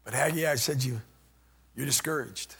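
An older man preaches with fervor, his voice climbing to shouts and sinking to near whispers. His tone is bright and a little husky. Long church reverb trails each phrase. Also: medium pitch, normal speed. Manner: impassioned, rising to shouts then dropping to near whispers. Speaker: pastor. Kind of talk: sermon.

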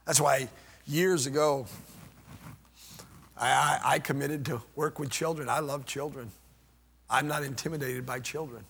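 An older man preaches with fervor, his voice climbing to shouts and sinking to near whispers. His tone is bright and a little husky. Long church reverb trails each phrase. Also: mid-range voice, steady tone, measured pace, pauses often. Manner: impassioned, rising to shouts then dropping to near whispers. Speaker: pastor. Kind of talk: sermon.

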